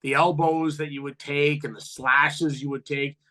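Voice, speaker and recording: Man, fifties, former hockey pro, bright forceful voice, slightly high, brash and profane storytelling. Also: normal speed. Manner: animated, profane, acts out quotes loudly. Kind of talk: storytelling in a podcast interview.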